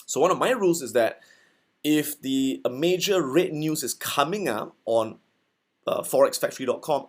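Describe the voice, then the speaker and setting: A man teaching trading in a casual recorded lesson, talking conversationally and often checking in with his listeners. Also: medium pitch. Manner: conversational, checks in with "okay" and "right". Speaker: forex trading instructor.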